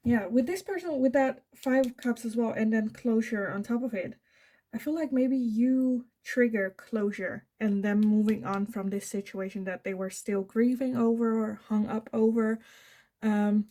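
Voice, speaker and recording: This tarot reader, a Dutch-accented woman from the Netherlands, works through a pick-a-card reading by thinking out loud and fixing her own words, with soft fillers. Her voice is a little high, with fairly even intonation at normal speed.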